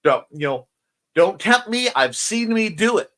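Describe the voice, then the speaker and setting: His voice sits high and sing-song, a bit bright and unhurried, as this man hosts a casual morning livestream by a window at home. He's sleepy and yawning, rambling and joking while he welcomes viewers and reads out their comments.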